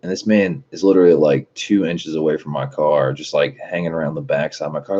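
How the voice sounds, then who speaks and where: A man with an extremely deep, dark voice chats in a loose, swearing, laid-back way, reading out chat messages. His tone is husky, and the recording sounds muffled and lo-fi. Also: brisk. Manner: laid-back, profane, laughs often. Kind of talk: casual chat.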